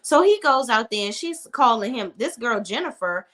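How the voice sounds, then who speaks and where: Sassy woman recapping a tv episode, lively swooping pitch. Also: normal speed. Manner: sassy, blunt, acts out characters' lines. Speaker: TV recap commentator.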